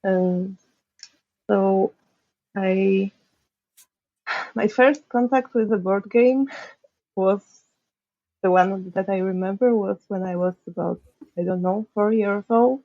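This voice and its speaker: A young woman from Poland, a podcast guest, chatting casually in a hesitant, halting way and laughing often. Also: medium pitch, no room sound, highs cut off. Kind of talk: casual chat.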